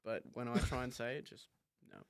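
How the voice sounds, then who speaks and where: A man's voice: medium pitch, fairly quick, creaky, no echo, studio quality. A young Australian man with an Australian accent, chatting casually as a podcast guest, laughing often and poking fun at himself. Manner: laughing, animated, self-mocking. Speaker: guest, college punter.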